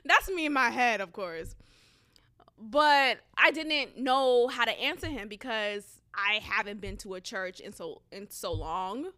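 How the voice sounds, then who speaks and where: Young woman, Haitian background, casual storytelling, chatty, bright voice, very animated pitch. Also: unhurried. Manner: chatty, animated, laughs often, swears casually.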